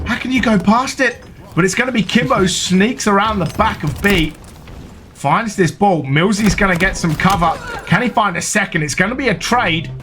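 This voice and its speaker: Man, southern English accent, esports play-by-play, bright forceful voice, somewhat high, faint hiss. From southern England. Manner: rapid excitable play-by-play, jokey. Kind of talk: live esports commentary.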